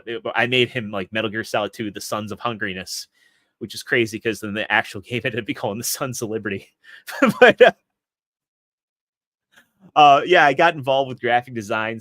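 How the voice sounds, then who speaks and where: A man's voice: medium pitch, a little fast, bright, forceful tone, dry recording. A man in his thirties, a podcast guest, telling long rambling stories with frequent restarts. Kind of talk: casual interview chat.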